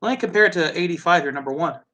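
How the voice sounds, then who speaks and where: A man's voice: on the high side, racing, sharp tone. A man with a Midwestern American accent hosting a casual live tasting, chatty and musing aloud as he goes. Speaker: host.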